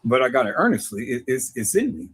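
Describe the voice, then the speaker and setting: A man's voice: mid-range voice, very animated, fast talker, husky, no echo. A man talking to his viewers in a casual, preachy way, often stammering and repeating words. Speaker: video host.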